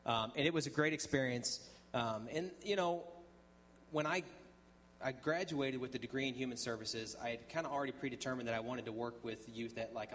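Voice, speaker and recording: Man, mid-pitch, casual storyteller giving a testimony in church, faint hum underneath. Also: fairly bright tone. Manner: conversational storytelling with many ums and restarts; acts out dialogue in quoted voices. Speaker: guest speaker sharing testimony.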